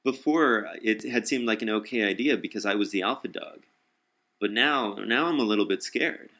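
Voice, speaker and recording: Young man, low voice, bright and forceful, casual profane storytelling, stop-start phrasing. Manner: profane, blunt, halting with restarts. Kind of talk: casual spoken anecdote.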